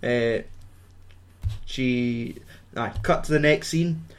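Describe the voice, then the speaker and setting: A man hosts a podcast, recapping a film in a loose, rambling way. His voice sits in an ordinary middle pitch. He swears freely and laughs between lines. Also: slow. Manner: rambling, profane, laughs often. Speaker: podcast host. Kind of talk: casual film recap chat.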